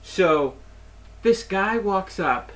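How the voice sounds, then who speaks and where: A man hosting his own show, telling a comic story in an animated, exasperated way and acting out the people in it. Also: high voice, drawn-out words. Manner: animated, exasperated retelling with acted-out quotes. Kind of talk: comedic storytelling monologue.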